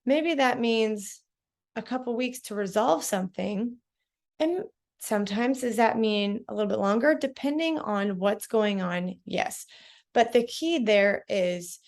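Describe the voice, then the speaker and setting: A woman's voice: a little high, darkish tone. A woman talking to camera in a casual, direct way, giving advice from her own experience. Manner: direct, conversational, self-reflective. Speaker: vlogger.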